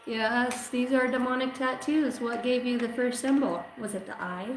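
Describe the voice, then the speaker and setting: At normal speed and with hardly any pauses, a thirty-something tarot and oracle reader jokes and swears as she greets her livestream audience during a casual reading. Her voice is fairly high, the room echoey, with faint music underneath.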